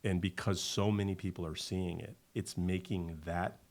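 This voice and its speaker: A middle-aged man, a winery owner, talking as a guest in a casual podcast conversation, an animated and emphatic storyteller. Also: deep voice, moderate pace.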